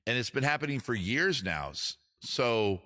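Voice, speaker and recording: A man's voice: medium pitch, big pitch swings, moderate pace, pushed and bright. A man hosting a music livestream from home, chatting in a rambling, jokey, self-deprecating way. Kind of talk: casual livestream chat.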